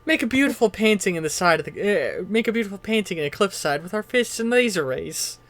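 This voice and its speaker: A man voicing a friendly giant monster who talks in a soft, soothing, kindly way. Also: sits high, sing-song, quick pace, heavily acted.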